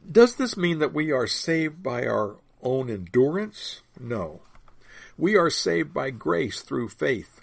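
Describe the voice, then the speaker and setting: A man delivers a sermon, walking listeners through scripture in a measured teaching voice. His tone is gravelly and a little husky, recorded close and dry with no room around it. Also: mid-range voice, no room sound. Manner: measured teaching, slowing on key phrases. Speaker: preacher.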